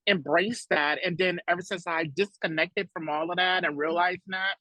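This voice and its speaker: A woman in an effusive, emotional chat, her tone bright and ringing and her words tumbling out close to tears. She jumps way up in pitch whenever she quotes someone else. The sound is dry, with no room around her. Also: fairly even intonation, moderate pace, dry recording, rough recording. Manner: effusive, tearful at times, big pitch leaps when quoting others. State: near tears. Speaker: podcast guest.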